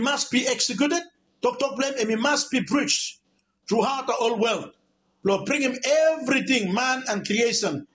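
A man's voice: high voice, a bit bright, a little hiss or hum. A man from Vanuatu with a Vanuatu accent preaching a radio sermon, emphatic and repetitive, stacking up his phrases.

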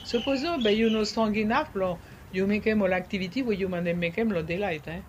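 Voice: mid-range voice, a little fast, lo-fi sound. Ni-Vanuatu nurse, casual health tips, French words mixed in, faint background noise, talk-show guest.

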